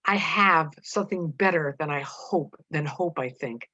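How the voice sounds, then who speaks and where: A woman's voice: sits low, a little slow, bright, forceful tone, a little hiss or hum. A woman reading the lines of a scheming, lovesick teenage girl in a coaxing, taunting way, on a dull, dry recording. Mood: pleading.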